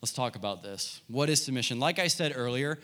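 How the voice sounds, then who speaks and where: A man's voice: medium pitch, animated, brisk, pushed and bright. A young man in his twenties, a youth pastor giving an earnest sermon, telling a personal story to students.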